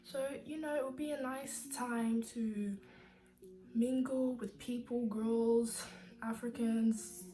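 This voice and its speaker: A woman's voice: on the high side, steady tone, slow, mellow. A young woman vlogging in a casual, sassy, opinionated rant, full of fillers like "like" and "you know.". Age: young adult. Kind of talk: casual ranting vlog.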